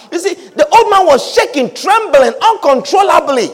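A man preaching a sermon, animated, breaking into shouts and acting out the people in the scripture. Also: very high voice, normal speed. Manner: animated, acts out scripture characters with shouts and laughter.

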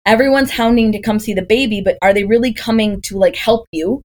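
A doula in her thirties from Green Bay, Wisconsin, USA, guests on a podcast, chatting casually with plenty of stories and rhetorical questions. Her mid-range voice is fairly quick with a darkish tone.

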